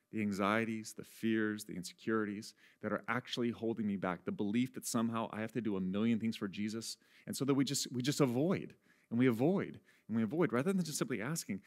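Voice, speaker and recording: Conversational pastor preaching with sudden swings. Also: male voice, lowish voice, lively intonation, fairly quick. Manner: conversational and self-deprecating, with laughs. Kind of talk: sermon.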